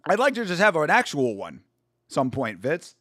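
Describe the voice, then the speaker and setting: A young man hosting a casual live watch-along stream, chatty and excitable, full of slang and swearing. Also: fairly high pitch, moderate pace, dry recording, clean studio sound. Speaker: stream host.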